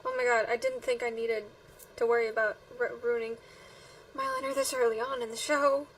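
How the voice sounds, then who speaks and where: Woman reacting to a TV show, gushing, emotional, chatty, higher voice, a little distant from the mic. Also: steady tone, brisk, a little hiss or hum. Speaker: reaction video creator. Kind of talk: casual reaction commentary.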